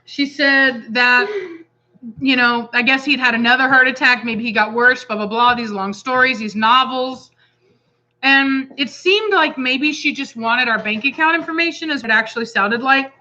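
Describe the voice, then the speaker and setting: Bright-voiced chatty Texan woman. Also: sits high, normal speed, dull audio. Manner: rambling, animated storytelling with quoted asides. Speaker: co-host, dog breeder. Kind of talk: casual chat.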